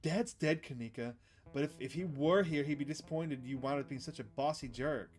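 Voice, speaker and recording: A man's voice: a little high, fairly quick, a little mellow, natural voice. A man reading the lines of a sullen teenage boy who talks back to his older sister in a visual novel. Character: sulky defiant teenage boy.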